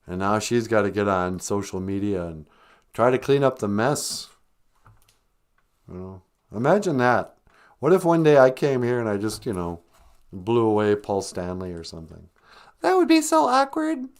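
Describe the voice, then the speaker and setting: A man hosting a comic podcast, rambling and deadpan with sarcastic asides. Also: fairly low pitch, normal speed, clean tone. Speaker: podcast host.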